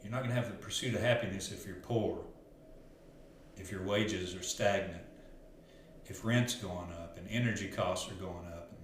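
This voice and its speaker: Male life coach, lowish voice, earnest and rambling, very echoey room with faint hiss. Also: moderate pace. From Arkansas. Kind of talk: casual storytelling monologue.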